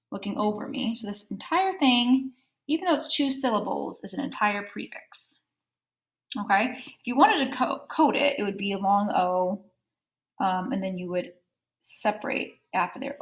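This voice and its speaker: A woman teaching a phonics lesson to young children, with a medium-pitched voice. She explains each step patiently and checks often that the class is following. She talks in an unhurried, friendly classroom way. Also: a bit bright, poor audio.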